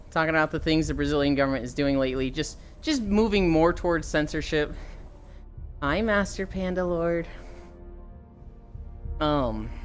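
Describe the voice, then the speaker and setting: A woman's voice: low-pitched, fairly bright tone. A young woman livestreamer chatting casually and telling stories, often breaking into laughter. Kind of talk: casual chat.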